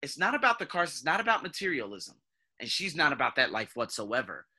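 Blunt, swearing man with a bright voice. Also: medium pitch, big pitch swings, fairly quick, slightly rough. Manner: blunt and profane, swings from mumbling to loud bursts. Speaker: podcast host. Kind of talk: casual monologue.

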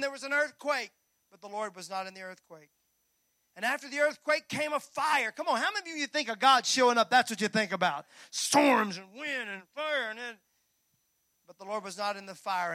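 A high-voiced man preaches a sermon, bright and forceful in tone. He swings from loud rallying calls down to hushed, near-whispered lines, dropping folksy jokes to his congregation. The sound is close and dry. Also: normal speed, no room sound. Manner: folksy, joking asides to the congregation. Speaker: pastor.

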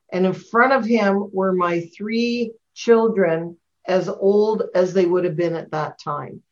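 Heartfelt woman telling her testimony. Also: mid-range voice. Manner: heartfelt and storytelling, with emotional rushes and soft, slow passages. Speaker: guest sharing a personal testimony. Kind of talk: personal testimony. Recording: dull lo-fi sound.

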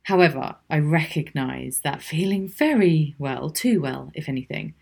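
A woman's voice: low voice, animated, measured pace, vocal fry, darkish tone, husky. A woman hosting a solo podcast, talking frankly and reflectively with small laughs. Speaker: podcast host. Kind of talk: candid solo podcast monologue.

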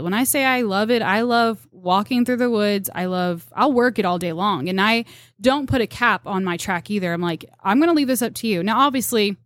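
A young woman, a deer tracker on a podcast, telling animated stories and acting out quotes with laughs. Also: mid-range voice, no room sound, clean studio sound. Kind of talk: casual storytelling chat.

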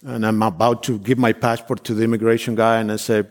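A man's voice: fairly low pitch, flat delivery, fast talker, hardly any pauses. A man from Argentina preaching a sermon, telling of a mission trip with fervent, repetitive declarations and frequent restarts. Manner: frequent restarts, non-native phrasing. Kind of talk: sermon with personal testimony.

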